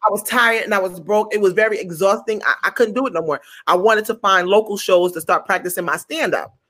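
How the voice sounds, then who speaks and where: A woman comedian telling a story in an interview, animated, acting out quotes and stumbling over repeated words. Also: mid-range voice, brisk. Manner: animated, acts out quotes in other voices.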